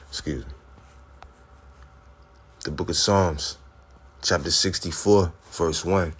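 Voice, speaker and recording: A man's voice: low-pitched, slow, long pauses, a bit bright, slightly rough. A man giving preaching commentary on video clips, rhetorical and repetitive, often checking in with "all right?". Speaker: religious commentator.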